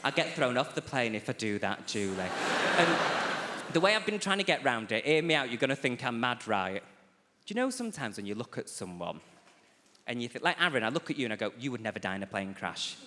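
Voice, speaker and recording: A man's voice: medium pitch, sing-song, fairly quick, bright, forceful tone. A man performing a stand-up comedy set, chatty and confiding, teasing audience members by name. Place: large theatre stage. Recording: echoey theatre, faint audience noise.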